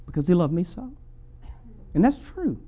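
High-voiced male preacher, mellow tone. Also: big pitch swings, moderate pace, highs cut off. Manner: rhetorical, repeated questions with rising and falling intensity. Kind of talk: sermon.

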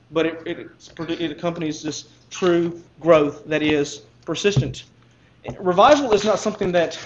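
A man preaching a sermon, earnest and emphatic, with frequent restarts as he explains Scripture. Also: fairly high pitch. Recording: slightly dull, faint hiss.

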